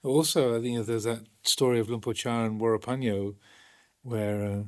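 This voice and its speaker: A man, a Buddhist monk, telling stories in animated conversation with many restarts. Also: medium pitch, normal speed. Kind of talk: conversational storytelling.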